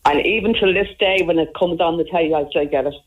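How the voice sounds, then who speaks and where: A woman's voice: lowish voice, fast talker, narrow, tinny audio. A woman calling into a radio phone-in, heard down the phone. She talks with an easy, good-humoured manner and plays along with the jokes. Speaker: caller. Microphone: phone line.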